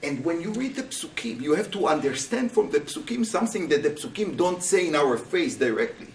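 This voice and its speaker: A man teaching a Torah class as a rabbi, speaking with animated rhetorical questions to his students. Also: a little high, a little fast, a little hiss or hum. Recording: roomy, voice from a distance.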